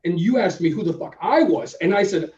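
A man co-hosting a podcast, telling a story in a casual, animated way and acting out both sides of the conversation. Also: high-pitched, fairly quick. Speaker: podcast co-host. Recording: roomy, distant, dull sound.

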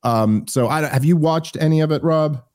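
Dark-voiced man hosting a casual comedy podcast. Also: a little high, normal speed. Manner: rambling, joking, profane, with fillers. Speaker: podcast host. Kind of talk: casual comedic political chat.

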